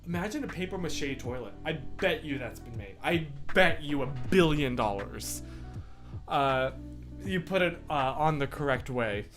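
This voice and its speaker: A man's voice: fairly high pitch, expressive, measured pace, faint music behind. A young man hosting a casual live stream from his room, reading viewer comments and rambling with lots of restarts. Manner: rambling and chatty, full of restarts and fillers. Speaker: livestream host. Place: home room with a whiteboard.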